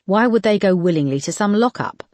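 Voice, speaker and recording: An audiobook narrator voicing a sharp female detective who probes with questions. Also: mid-range voice, lively intonation, brisk, no echo, pitched above the performer's own voice, natural voice. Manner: probing questions.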